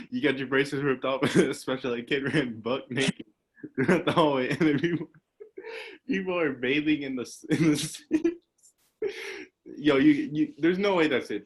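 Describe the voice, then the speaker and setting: Rambling young male podcast host. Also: medium pitch. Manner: rambling storyteller, laughs often, says "like" a lot. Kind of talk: casual chat. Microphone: video call.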